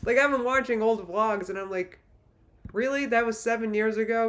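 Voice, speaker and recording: A woman's voice: fairly high pitch, normal speed, fairly bright tone. A woman in her late thirties chatting casually on a livestream, reading viewer comments in an emotional, rambling way with many restarts. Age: late 30s. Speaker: YouTuber livestream host.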